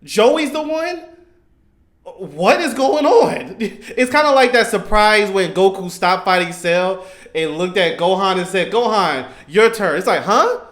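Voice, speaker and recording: A young man telling an excited, rambling story about a cartoon moment, often acting out the characters in a raised voice. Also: high-pitched, measured pace. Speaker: YouTuber reacting to anime. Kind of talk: casual animated storytelling.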